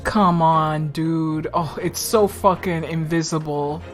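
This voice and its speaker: A woman's voice: low voice, fairly even intonation, slow pace, faint music behind. A woman giving casual commentary over a video game, blunt and chatty, swearing freely and laughing often. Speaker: let's play streamer.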